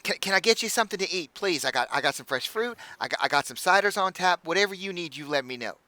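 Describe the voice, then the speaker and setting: A man voicing a fussy, motherly halfling innkeeper woman who gushes and stammers in a high, flustered voice. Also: expressive, quick pace, pushed and bright. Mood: fussing.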